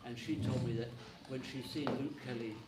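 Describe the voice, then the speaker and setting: A man's voice: medium pitch, steady tone, moderate pace, very noisy. A man hosting a live trad music session, chatting and joking between tunes with stumbling restarts. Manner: jokey, self-mocking, stumbling restarts. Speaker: session host. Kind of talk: casual chat between tunes. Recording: echoey hall from far off, live music.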